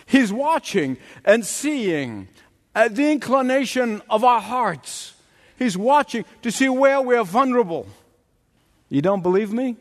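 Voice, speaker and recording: A man preaching a sermon, emphatic and dramatic, often turning to the listeners directly. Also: sits high. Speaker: pastor. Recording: long reverb in a large hall.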